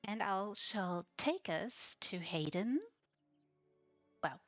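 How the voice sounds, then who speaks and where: A woman streaming a tour of player-built houses, gushing with breathy exclamations and soft whispers between her remarks. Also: medium pitch, lively intonation, extremely slow, no echo. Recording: slightly dull lo-fi sound with faint music behind.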